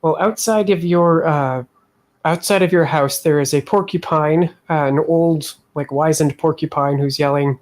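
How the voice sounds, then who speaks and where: A man's voice: fairly high pitch, fairly even intonation, moderate pace, darkish tone. A man running a tabletop game as game master, narrating with many hesitations and easy laughs.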